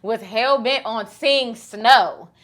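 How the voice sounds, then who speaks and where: Woman host, thirties, casual chat, teasing and animated, bright voice, a bit high. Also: slow pace.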